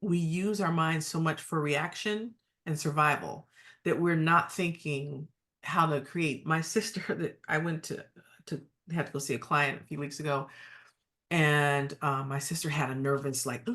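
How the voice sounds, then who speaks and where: A woman hosts a casual interview in a low voice. She agrees with her guest often. Then she tells a story of her own in a chatty way, quoting the people in it. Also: steady tone, normal speed, a bit bright. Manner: affirming, frequent agreement sounds; storytelling, quotes others with voices. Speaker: podcast host.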